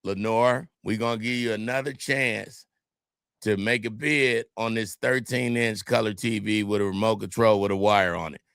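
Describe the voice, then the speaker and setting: A man's voice: on the low side, normal speed, vocal fry, clean tone, dry recording, studio quality. A man from California telling a family story on a podcast, acting out the people he quotes. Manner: animated storyteller, acts out quotes. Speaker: podcast co-host. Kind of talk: casual storytelling chat.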